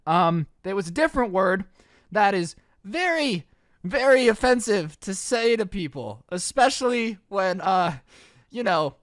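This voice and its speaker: High, lively young man spinning a comic story. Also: measured pace, no room sound, studio quality. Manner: casual, slangy and sarcastic. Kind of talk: comedic storytime monologue.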